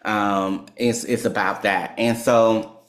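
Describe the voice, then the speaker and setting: A man, a psychologist and author, telling a story in conversation, animated, laughing often and peppering his talk with "like" and "right?". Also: lowish voice, slow. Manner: animated storyteller who laughs and acts out quotes; filler-heavy with "like" and "right?".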